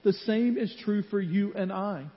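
A man's voice: high-pitched, a little slow. A male pastor preaching a sermon in a church, telling stories and acting out the voices in them. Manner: animated storytelling, acts out voices in quotes. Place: church sanctuary. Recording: muffled hall with long reverb.

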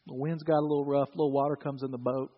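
Preacher as a stern, reproachful teacher, low and quiet, roomy hall. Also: male voice, little pitch movement, very fast, lightly acted. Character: stern male teacher scolding his followers. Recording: dull sound in a reverberant hall.

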